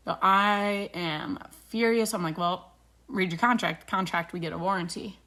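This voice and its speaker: A woman's voice: fairly low pitch, moderate pace, pushed and bright. A woman in her thirties, a beauty vlogger, chatting casually and retelling a dispute with indignation while doing her makeup.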